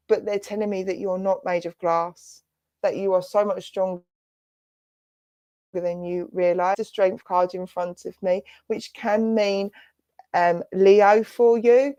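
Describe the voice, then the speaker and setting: An English woman giving a gentle, reassuring clairvoyant reading as a spiritualist medium during an online church service. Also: medium pitch, dry recording. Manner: soft, reassuring, affectionate, addresses listener as darling and lovely.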